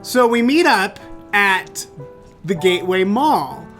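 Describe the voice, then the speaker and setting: A man hosting a storytelling show, recounting a bad date in an animated, theatrical way that bursts into exclamations. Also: high voice, slow, faint music behind. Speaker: storytelling podcast host. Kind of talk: comedic personal storytelling.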